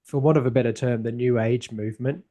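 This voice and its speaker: A man's voice: mid-range voice, fairly even intonation, fast, dark tone. A man hosting a podcast conversation, talking thoughtfully in a loose, rambling way with frequent restarts. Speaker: podcast host. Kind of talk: casual conversation.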